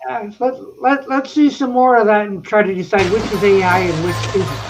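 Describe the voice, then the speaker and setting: A man's voice: high-pitched, steady tone, normal speed, noisy background. A man hosting a casual podcast chat, playful in manner.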